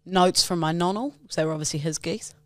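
A woman's voice: lowish voice, a bit bright, no room sound. Playful woman co-host, dry mic. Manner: playful, quick to protest. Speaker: podcast co-host. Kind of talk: casual banter.

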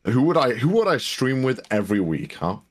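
A man's voice: mid-range voice, big pitch swings, brisk. A man streamer in casual banter, smugly teasing and mock-stern with his co-host.

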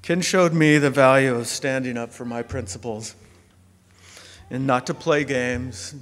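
A man's voice: medium pitch, unhurried, fairly bright tone. A man giving an earnest, heartfelt memorial speech. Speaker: eulogy speaker. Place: large hall. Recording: long hall reverb.

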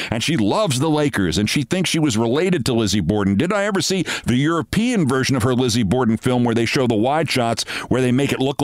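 A man in his sixties, hosting and telling a brisk anecdote, acting out the dialogue of the people in it. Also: medium pitch, dry recording. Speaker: host. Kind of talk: anecdotal storytelling monologue.

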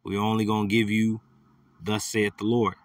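A man's voice: lowish voice, level tone, normal speed, distant mic, noisy background. A man preaching a sermon, reading scripture verses with rising emphasis and often repeating his words.

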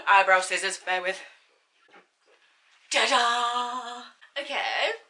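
A woman's voice: fairly high pitch, big pitch swings, drawn-out words, pushed and bright, roomy sound, recorded from a distance. A woman unboxing beauty products, chatty and self-mocking, reading product blurbs aloud. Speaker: beauty vlogger. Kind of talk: casual unboxing chat.

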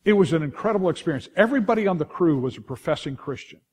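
Speaking rapid-fire in a fairly high, slightly rough voice, this middle-aged Californian pastor tells his sermon like a story. He keeps restarting and turning to the congregation with asides.

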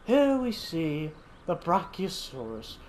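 A man putting on the slow, hushed voice of a wildlife documentary narrator as a joke impression. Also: on the high side, wildly swooping pitch, a little hiss or hum, full character voice.

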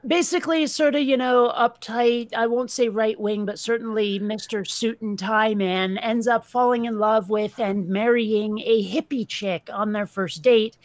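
Chatty woman on a live stream, a bit high, super dry close mic, rambles and laughs a lot. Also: dry recording. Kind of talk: casual chat on a live stream.

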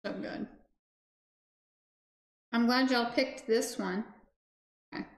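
A woman's voice: on the high side, slow. A woman hosting a casual cooking livestream, chatting with viewers while she cooks. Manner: bubbly, talks to chat viewers while cooking. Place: home kitchen. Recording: echoey kitchen, faint background noise.

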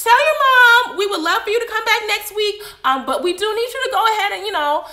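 A woman acting out a mother turning on a syrupy, overly polite corporate voice to send a kid's friend home. The voice sits high and bright and sings along sweetly. It echoes around a roomy space. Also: expressive, fairly quick, full character voice. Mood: sugary polite. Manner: overly polite, sing-song.

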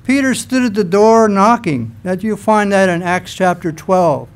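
A man preaching a sermon to a church congregation, telling scripture stories in an animated way. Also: high voice, a little slow. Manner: animated storytelling, acts out scenes.

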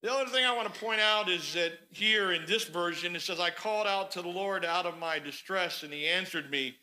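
A man preaching a sermon in a church, telling the story in an animated, conversational way. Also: high voice, a little fast, low-quality recording. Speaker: pastor. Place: church sanctuary.

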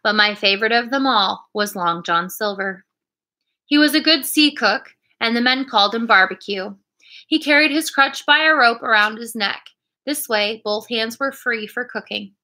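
Casual: lady reading a kids' story out loud, clear and bright. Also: on the high side, moderate pace. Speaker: reader. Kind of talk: reading a children's storybook aloud.

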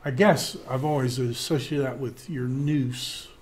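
A man teaching a Greek class, thinking aloud, with many fillers and pauses. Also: mid-range voice, steady tone, a little mellow.

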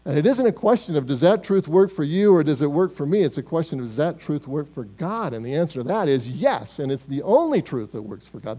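A man preaching a sermon as pastor in a church, emphatic and swinging between loud declarations and hushed, quiet words. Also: fairly high pitch, very animated, fairly quick, hardly any pauses. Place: church sanctuary.

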